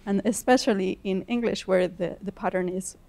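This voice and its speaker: A woman in the audience of a lecture hall, her voice warm and mellow. She builds a long, winding question and admits her own weaknesses as she goes. Her tone is that of a language teacher talking to an expert. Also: mid-range voice, fairly even intonation, moderate pace, gravelly. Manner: wordy, self-deprecating question. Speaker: audience member, Spanish teacher.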